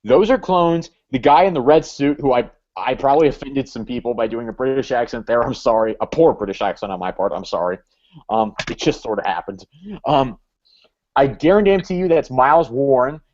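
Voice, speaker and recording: A man's voice: medium pitch, animated, moderate pace, darkish tone, lo-fi sound. A man co-hosting a casual comic book chat, hesitant, with frequent fillers and restarts. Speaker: co-host.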